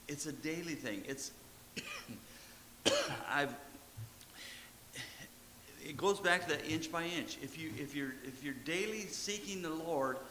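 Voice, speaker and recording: Folksy preacher in a reverberant church. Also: male voice, fairly high pitch, animated, a little slow, bright, forceful tone, slight background noise. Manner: folksy, plain-spoken, repeats short commands. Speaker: pastor. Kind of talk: sermon. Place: church sanctuary.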